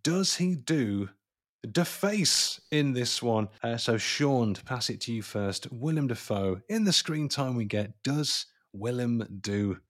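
A man's voice: medium pitch, expressive, slow pace. A man hosting a film podcast in casual chat, full of crude joking banter. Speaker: podcast host.

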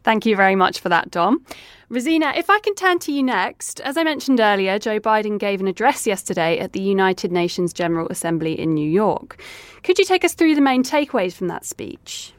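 A woman hosting a news podcast, posing polite, brisk questions to contributors. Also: mid-range voice, expressive, no room sound. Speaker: podcast host.

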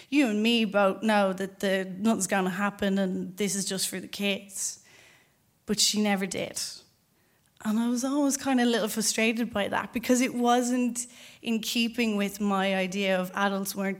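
Irish woman telling a lively story onstage. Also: mid-range voice. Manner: animated, acts out quoted voices, laughs between lines. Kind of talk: live personal storytelling onstage. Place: theatre stage before an audience.

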